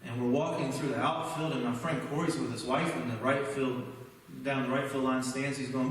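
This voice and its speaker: Man, guest preacher, animated storyteller, long church reverb, faint room noise. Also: mid-range voice, moderate pace. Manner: animated storyteller acting out dialogue. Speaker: guest speaker. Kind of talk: storytelling sermon. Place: church sanctuary. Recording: echoey church hall from far off.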